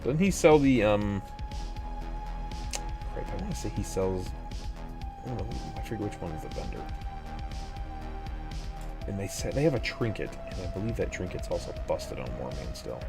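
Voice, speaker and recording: Low-voiced man, rambling streamer chat. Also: sing-song, moderate pace, gravelly, long pauses, music in the background. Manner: rambling storyteller, exasperated outbursts. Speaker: gaming streamer. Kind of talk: casual chat while gaming.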